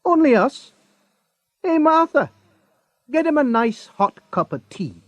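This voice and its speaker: Storybook part: a man playing a teasing, motherly woman supervisor, pitched well up, lively. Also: slow pace, dry recording, highs cut off, heavily acted. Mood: concerned. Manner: teasing, calls others child. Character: older Jamaican woman, night-shift supervisor, motherly and teasing.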